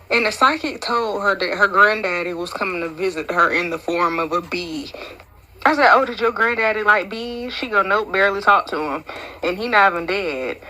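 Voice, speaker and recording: Woman casually telling a funny story, bright crisp voice, acts out the quotes. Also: medium pitch, low-quality recording. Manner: lively, laid-back storytelling with acted-out quotes.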